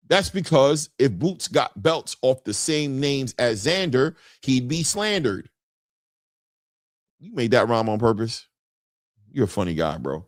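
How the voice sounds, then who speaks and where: A man hosting a boxing live stream, chatting casually and reading out viewer comments. His voice sits at a middling pitch and lifts sharply when he greets people in the chat. The sound is dry and close, with no room echo. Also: lively intonation, moderate pace. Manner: reads viewer chat aloud, tags lines with "man". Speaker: boxing show host.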